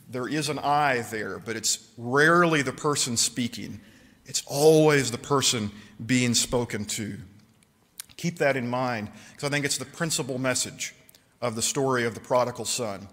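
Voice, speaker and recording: A man's voice: medium pitch, moderate pace, fairly bright tone, long reverb tail. A man preaching a sermon in a church, talking conversationally with frequent fillers and restarts. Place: church sanctuary.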